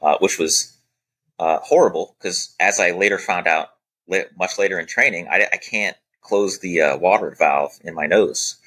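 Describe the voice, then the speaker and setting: A deep-voiced, slightly rough man tells a bright, punchy story at a moderate pace. A former Air Force special operator guesting on a podcast, he acts out quoted dialogue animatedly and fills it with "you know" in a casual storytelling interview.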